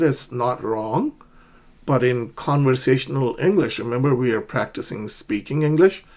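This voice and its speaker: Man teaching slow English drills. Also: mid-range voice, very animated, darkish tone. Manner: slow, drilling pronunciation, repeats words. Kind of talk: ESL lesson, reading dialogues aloud.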